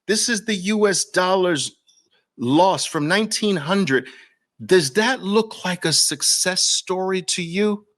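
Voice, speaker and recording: Here a man hosts an impassioned monologue in a New York accent, his voice a little high and a bit bright. He's from Brooklyn and preaches fervently, leaning on repeated rhetorical questions and lists.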